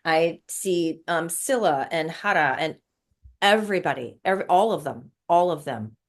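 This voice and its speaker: Woman recounting a vision, lower-voiced. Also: animated, moderate pace. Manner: emotional, repetitive, breathless recounting. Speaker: guest. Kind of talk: casual spiritual storytelling.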